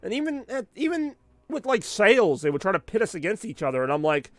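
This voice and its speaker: A man's voice: sits high, sing-song, quick pace, a bit bright, no room sound. A man rambling and venting in casual chat while streaming live gameplay, with frequent asides. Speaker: gaming streamer.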